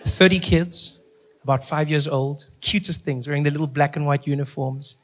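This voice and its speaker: A male stand-up comedian telling stories in an animated way, acting out scenes and laughing through his lines. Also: fairly high pitch, moderate pace, slight background noise. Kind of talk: stand-up storytelling.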